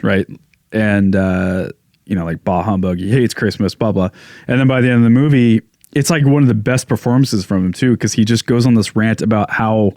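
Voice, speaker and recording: A man's voice: medium pitch, darkish tone, dry recording, clean studio sound. Stuffed-up, chatty podcast guy. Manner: chatty, enthusiastic storyteller. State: stuffed-up nose. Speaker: podcast co-host. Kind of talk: casual chat. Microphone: studio podcast mic.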